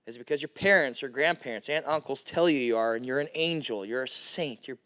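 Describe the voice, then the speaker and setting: A man giving a youth sermon, telling stories and acting out voices with big pitch jumps. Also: brisk, sharp tone. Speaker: youth pastor.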